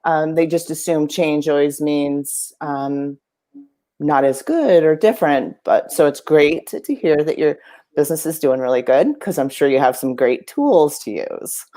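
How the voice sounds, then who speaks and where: A woman's voice: sits low, animated, measured pace, mellow. An enthusiastic American woman hosting a live online interview. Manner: bubbly, enthusiastic. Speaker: interview host.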